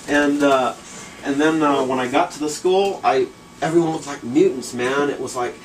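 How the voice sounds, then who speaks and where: A man's voice: on the high side, recorded from a distance, background noise. A man casually telling a rambling, laughing story to friends, with some swearing.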